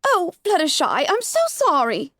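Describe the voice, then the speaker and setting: A woman's voice: high voice, wildly swooping pitch, measured pace, a bit bright, no room sound, clean studio sound, pitched above the performer's own voice, full character voice. A woman voicing an elegant, refined young female unicorn pony with a genteel way of speaking. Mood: tender. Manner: genteel, says darling.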